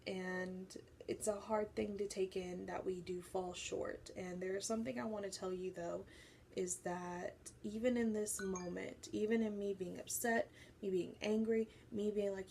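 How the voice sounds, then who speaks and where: A young woman telling a personal faith story to her viewers, animated and acting out what people said. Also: mid-range voice, a little slow, creaky, slight background noise. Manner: animated storytelling, acts out quoted voices. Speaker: faith vlogger. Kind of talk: personal testimony to camera.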